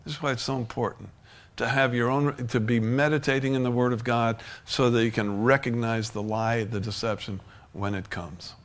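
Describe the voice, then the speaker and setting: A man's voice: mid-range voice, fairly even intonation, moderate pace. A male pastor preaching a sermon in a conversational way, often restarting sentences and chuckling.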